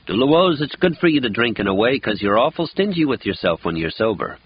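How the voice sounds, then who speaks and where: A man reading an audiobook voices a calm, stern, big-bodied male friend with an unhurried, dry, teasing manner. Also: medium pitch, slightly rough, pitched above the performer's own voice. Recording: dull lo-fi audiobook recording.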